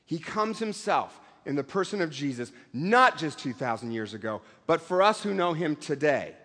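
Middle-aged male pastor, high voice, casual joking sermon, long hall echo. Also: big pitch swings, moderate pace, fairly bright tone. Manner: conversational, self-deprecating humor, acts out voices. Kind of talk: sermon with humorous asides.

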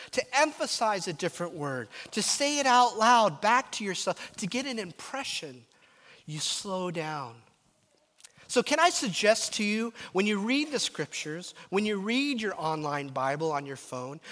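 A man preaching a sermon, telling stories and dropping to a murmur at times. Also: high voice. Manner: animated, storytelling, drops to a murmur at times. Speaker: pastor. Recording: reverberant hall.

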